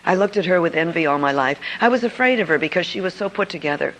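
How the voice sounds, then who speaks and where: A middle-aged woman, an author and speaker, telling a personal story to an audience in an earnest, confiding way with lively emphasis. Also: fairly low pitch, fast, poor audio. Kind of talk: storytelling speech.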